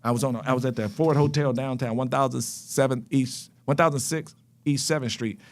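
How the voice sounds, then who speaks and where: A man from North Carolina, a podcast guest telling a life story in an animated way and acting out scenes. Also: mid-range voice, fairly quick. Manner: animated, acts out scenes and voices. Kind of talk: storytelling chat.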